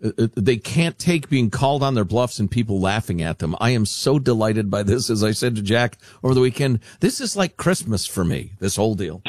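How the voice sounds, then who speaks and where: A man hosting a radio talk show, sardonic and animated, fond of deadpan mockery. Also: fairly low pitch, brisk, few pauses.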